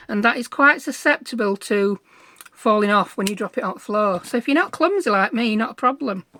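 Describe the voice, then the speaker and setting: A woman's voice: medium pitch, a bit bright. A middle-aged woman, chatting through a crafting tutorial in a bubbly, self-deprecating way. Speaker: craft vlogger.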